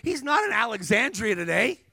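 A man preaching a sermon as a guest speaker, telling stories energetically with humor, asides to the crowd and emphatic shouts. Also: high voice, normal speed, vocal fry, no echo. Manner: energetic storytelling with humor and call-and-response asides; emphatic, rising to shouts at climaxes.

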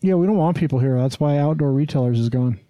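A man's voice: fairly high pitch, fast talker, warm tone, dry recording. A man hosting a podcast in casual chat, blunt and rambling, swearing freely. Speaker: podcast host.

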